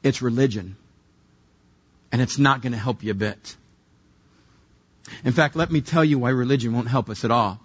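A man's voice: medium pitch, moderate pace, long pauses, breathy edge, muffled recording. A male pastor preaching a sermon in a conversational, humorous way, acting out little scenes as he goes.

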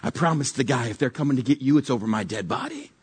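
A man doing a solemn old fisherman, low and quiet. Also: sing-song, fast, breathy edge. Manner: low, quiet, earnest confession. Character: older fisherman disciple recalling, solemn.

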